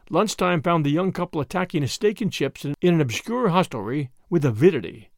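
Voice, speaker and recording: A male audiobook narrator reading in a measured, expressive storytelling style. His voice sits a little high with a lively, animated rise and fall. The sound is close and dry. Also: dry recording. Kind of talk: scripted narration.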